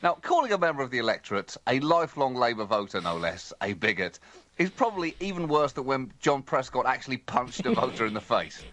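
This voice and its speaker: A man's voice: medium pitch, very animated, brisk, fairly bright tone. A man co-hosting a comedy show, wry and mock-serious in satirical chat. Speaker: comedy co-host.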